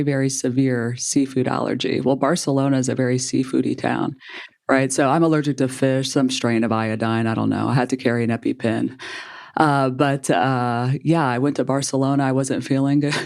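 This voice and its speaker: A man's voice: mid-range voice, steady tone, moderate pace, creaky, darkish tone. Laid-back man telling a rambling story. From San Antonio, Texas. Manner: laid-back, rambling storyteller, laughs often, casual swearing. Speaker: podcast co-host. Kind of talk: casual chat.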